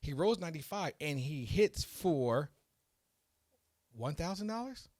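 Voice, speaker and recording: A man hosting a casual podcast, telling a story in an excitable, animated way that builds to loud peaks. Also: on the high side, unhurried, no room sound, studio quality. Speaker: podcast host.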